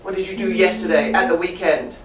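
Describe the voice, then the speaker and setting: A woman teacher trainer running a lively classroom demonstration, repeating and correcting students as she goes. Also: fairly low pitch, brisk. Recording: echoey classroom from far off with faint noise.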